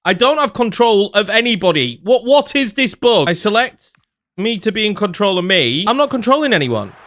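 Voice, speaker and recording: A man's voice: sits high, normal speed. A young man, commentating his own football video game and ranting in frustration. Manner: animated, exasperated ranting. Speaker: gaming YouTuber. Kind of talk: gameplay commentary.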